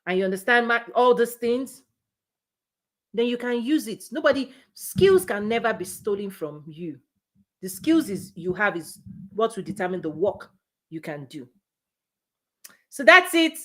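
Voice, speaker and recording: Emphatic woman coaching on a live stream. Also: a little high. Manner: emphatic, repetitive, animated preaching cadence; laughs between points. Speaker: business coach. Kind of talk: motivational live-stream talk.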